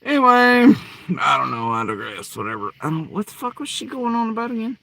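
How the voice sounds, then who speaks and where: A man delivering a heated, profane rant, swinging between loud outbursts and low muttering. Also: wildly swooping pitch, fast, vocal fry, no room sound. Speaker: podcaster ranting.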